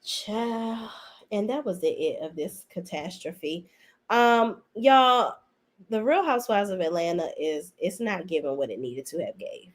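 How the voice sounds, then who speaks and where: A woman's voice: lowish voice, animated, a little slow. A woman hosting a podcast, giving a casual, blunt and sassy recap of a reality show in slangy talk. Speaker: podcast host reviewing reality TV. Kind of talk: casual opinionated recap commentary.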